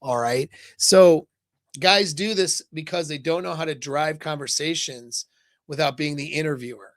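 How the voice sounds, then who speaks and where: A man's slightly higher-than-usual voice comes through a dry, close recording with no room sound. He coaches on dating in a loose, casual live talk, leaning on fillers and asking "right?" often. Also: moderate pace, dry recording.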